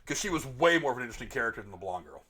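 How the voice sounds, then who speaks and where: Middle-aged guy ranting on a podcast, talks quick, pitch jumping all over, swears a lot. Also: slightly rough. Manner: blunt, profane, animated arguing. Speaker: podcast host. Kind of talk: casual opinionated discussion.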